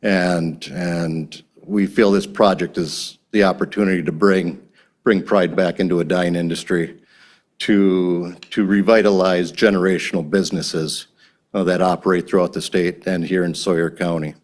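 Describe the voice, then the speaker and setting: A man's voice: sits low, fairly even intonation, moderate pace. A man from Wisconsin, a timber company president, giving earnest remarks at a county board meeting, often restarting and repeating words. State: a little emotional.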